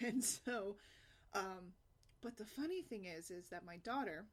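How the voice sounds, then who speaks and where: Woman vlogger, chatty storyteller, loose and rambling, quick to laugh. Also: medium pitch, animated. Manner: chatty, rambling, laughs often, many fillers. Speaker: single mom blogger. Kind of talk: casual personal storytelling.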